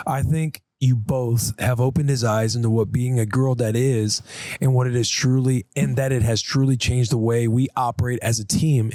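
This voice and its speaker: A man with a mid-range voice reads a listener's email aloud in a relaxed, earnest tone. The close studio mic keeps the sound dry and close. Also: medium pitch, no room sound. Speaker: podcast co-host. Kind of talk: casual chat and reading a listener email. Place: podcast studio.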